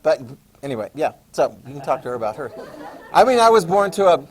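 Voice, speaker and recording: An American man lecturing a class, telling a personal anecdote in a chatty, animated way and addressing the students directly. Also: on the high side, fast, a faint crowd, slight background noise. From United States. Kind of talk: classroom storytelling.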